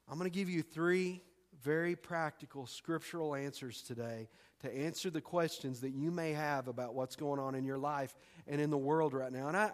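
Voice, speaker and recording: A man preaching a sermon as pastor, emphatic, with dramatic pauses and repeated phrases. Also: a little high, in a large hall. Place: church sanctuary.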